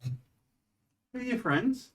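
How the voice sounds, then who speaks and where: A man's voice: sits high, sing-song, very slow, distant mic, noisy background, pitched above the performer's own voice, heavily acted. A man voicing a young female town guard on duty, in his own plain voice without trying to sound female. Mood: wary.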